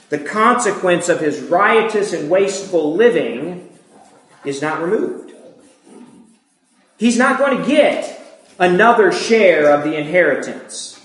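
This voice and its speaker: High-voiced preacher in an echoey room. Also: male voice, fairly bright tone. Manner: earnest, explanatory, with emphatic repetition. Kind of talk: expository sermon.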